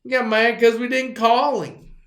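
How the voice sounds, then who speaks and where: A man spins a loose, folksy yarn as host of his own show. His voice sits quite high and wanders through fillers and false starts. The sound bounces around an echoey room. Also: fairly even intonation, normal speed, a bit bright. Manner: rambling, folksy, with many fillers and restarts. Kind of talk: casual storytelling monologue.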